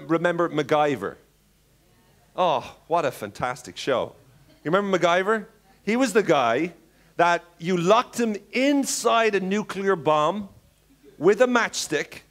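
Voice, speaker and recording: A man with a fairly high voice speaks at a seminar and tells a story in a playful, animated way. He acts out little voices and breaks off into jokey asides while keeping the audience with him. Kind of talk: live seminar talk.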